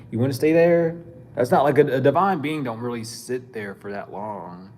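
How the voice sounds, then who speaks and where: A man giving a casual spiritual reading to camera, blunt and scolding, in profane street slang. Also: a little high. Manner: animated and scolding, with quick laughs. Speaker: spiritual reader.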